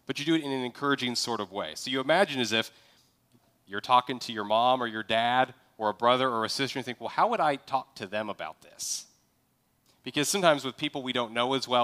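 A man with a bright, forceful voice preaching a sermon in a relaxed, conversational way. He slips into little acted-out exchanges to illustrate his points. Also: mid-range voice, fairly quick. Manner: conversational, acts out sample dialogue. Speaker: pastor.

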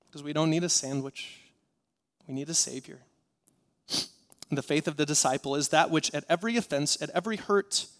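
Male pastor, sermon; earnest, repetitive cadence, hushed to fervent, slightly high-pitched. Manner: earnest, rhythmic repetition, swinging from hushed to impassioned.

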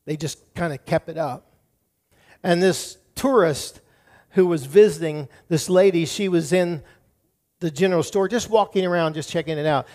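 A middle-aged male pastor preaching a sermon, shifting between soft, quiet passages and loud, emphatic build-ups. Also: a little high, normal speed. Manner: dynamic preaching, drops to soft tones then builds up loud.

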